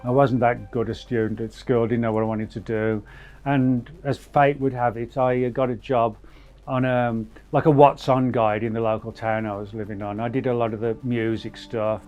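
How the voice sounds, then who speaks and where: A man in a reflective interview, speaking thoughtfully and haltingly with fillers. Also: medium pitch, level tone, a little mellow, highs cut off, soft background music. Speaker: interviewee, researcher.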